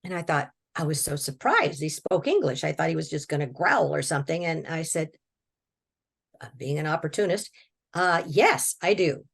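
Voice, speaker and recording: A woman's voice: low-pitched, expressive, normal speed, vocal fry, husky. A woman from Washington state telling her own story as an interview guest, in a folksy, plainspoken way with repeated words and short laughs. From Washington state, USA. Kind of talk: personal storytelling, recounting a near-death experience.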